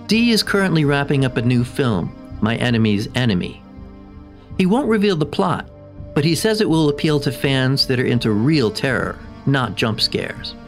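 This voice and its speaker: Documentary host: man with a mid-range voice, scripted and measured, faint music bed behind him. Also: mid-range voice. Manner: measured, even storytelling delivery. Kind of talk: scripted narration.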